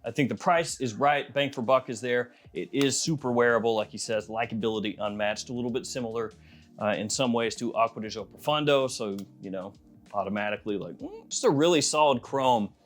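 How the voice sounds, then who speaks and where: A man's voice: medium pitch, a little fast, faint music behind. A man with a Southern accent talking casually through fragrance reviews in an easygoing, musing way. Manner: chatty, easygoing, muses aloud.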